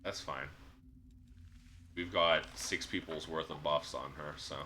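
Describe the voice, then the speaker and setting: A man's voice: very deep voice, steady tone, measured pace, pushed and bright, slight background noise. A man streaming a role-playing game, reading the on-screen dialogue aloud with frequent ums and restarts.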